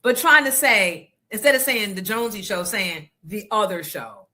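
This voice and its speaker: A middle-aged woman hosting a morning radio show, telling stories in a blunt, profane, animated way. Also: mid-range voice, normal speed. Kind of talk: casual storytelling chat.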